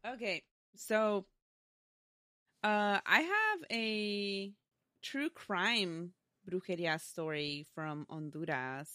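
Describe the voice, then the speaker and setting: A woman's voice: mid-range voice, animated, extremely slow, bright, forceful tone, dry recording, studio quality. A woman co-hosting a casual spooky-story podcast, chatting and laughing often as she reads a listener's story aloud. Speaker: podcast co-host.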